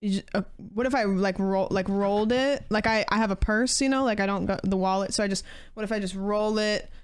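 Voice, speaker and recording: A woman's voice: medium pitch, fairly quick, clean tone. A woman hosting mock improv interviews, polite and hesitant, with many "um"s and "like"s. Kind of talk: improv comedy.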